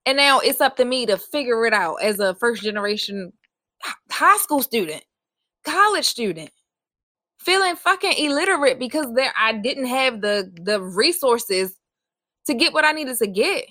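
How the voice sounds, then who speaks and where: Woman podcast host, solo monologue: forceful and bright, swears freely, drives points home by repeating them. Dry close recording. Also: on the high side, lively intonation, moderate pace, no echo. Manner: raw and emphatic, swears often, hammers repeated phrases.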